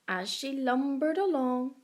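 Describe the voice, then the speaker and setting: Slow expressive woman teacher reading aloud. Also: sits high. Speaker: primary school teacher. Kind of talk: reading a picture book aloud.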